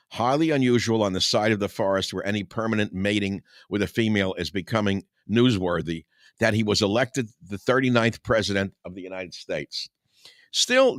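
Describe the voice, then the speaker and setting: An older man with a low voice reads his own satire aloud, breaking off for sharp, combative asides. His delivery is sarcastic and chuckling, and the sound is dry and close to the mic. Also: dry recording. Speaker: radio talk host.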